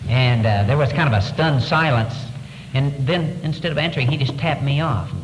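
A man telling a personal story from wartime captivity in an earnest, measured way, pausing as he goes. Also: medium pitch. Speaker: speaker recounting wartime captivity. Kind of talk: storytelling talk. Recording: echoey hall with background noise.

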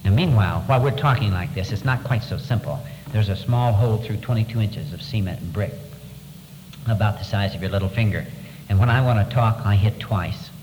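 Man, lowish voice, earnest measured storytelling, long hall echo, noisy background. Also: darkish tone. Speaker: speaker recounting wartime captivity. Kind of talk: storytelling talk. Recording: echoey hall with background noise.

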